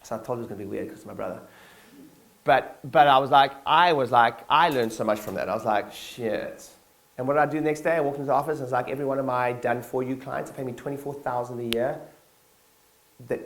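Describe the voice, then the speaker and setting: In a conference hall, a man with a slightly high, somewhat bright voice motivates his staff in a keynote. He talks casually, uses plenty of fillers, and prompts the audience for responses.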